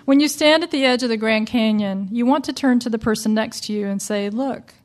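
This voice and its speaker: A woman voicing a gentle, wistful male policeman by quoting him in her own voice within a told story. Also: on the high side, brisk, close to an everyday voice.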